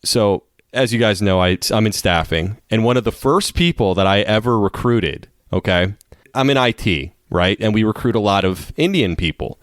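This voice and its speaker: A man's voice: on the low side, moderate pace, no room sound, studio quality. A man co-hosting a podcast, telling rambling stories in casual chat and laughing through them. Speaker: podcast co-host.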